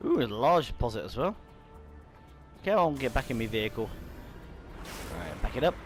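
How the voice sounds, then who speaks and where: A man's voice: medium pitch, very animated, moderate pace, soft background music. A man casually commenting on his own game playthrough, chatty and rambling, bothered by hiccups as he talks. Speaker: gaming YouTuber. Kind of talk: casual let's-play commentary.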